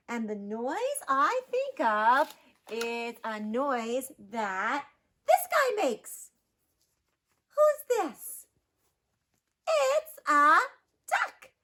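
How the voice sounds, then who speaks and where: Slow, animated woman teaching little kids. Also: high-pitched. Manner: animated, sounding out words, gasping with excitement. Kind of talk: phonics lesson for young children.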